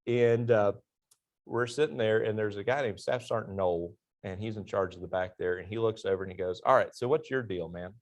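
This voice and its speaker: A man's voice: lowish voice, steady tone, fairly quick, darkish tone. A middle-aged man, an army veteran and interview guest, telling stories animatedly and laughing at his own punchlines. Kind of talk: storytelling in a church class interview.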